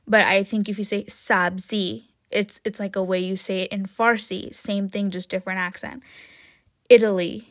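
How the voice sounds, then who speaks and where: A woman hosting her own podcast in a casual, jokey chat, often tagging "right?" and "um", with sudden excited jumps in pitch and loudness. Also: normal speed, no room sound, studio quality. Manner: chatty and jokey, with frequent "right?" and "um". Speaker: podcast host.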